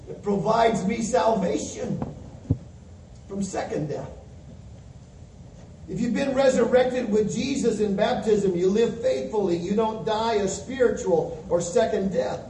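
A high-pitched man preaches with fervor, stressing each verse he quotes. His voice is mellow and set back from the mic. The room is echoey, with a faint hiss behind it. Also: slow, long pauses, distant mic. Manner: emphatic, quotes scripture with rising fervor. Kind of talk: sermon.

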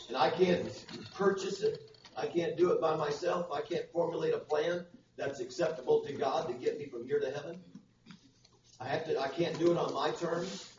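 Male preacher, slightly high voice, emphatic sermon delivery; dull, lo-fi recording with faint noise. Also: echoey room, distant mic. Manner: emphatic, builds to loud numbered points. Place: church service.

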